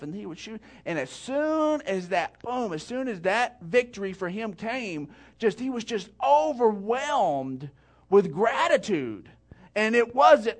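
A man with a high voice preaching a sermon as a pastor. He tells a homespun story in a relaxed, folksy way and drops in quick asides.

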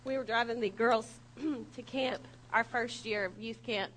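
Bright, high-voiced woman telling stories. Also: unhurried, a little hiss or hum, rough recording. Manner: animated, laughing, self-mocking storyteller. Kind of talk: humorous sermon storytelling.

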